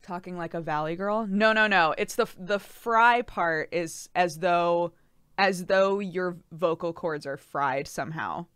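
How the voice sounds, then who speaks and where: Woman streamer, lively and laughing, smooth voice, dry close sound. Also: on the low side, measured pace, dry recording. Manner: giggly, animated, says "like" a lot. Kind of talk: casual chat reading stream chat.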